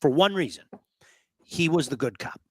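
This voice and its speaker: A man hosting a casual hockey talk show, telling blunt, animated stories and repeating words for emphasis. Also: on the high side, normal speed, slightly rough, dry recording. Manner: blunt, swears.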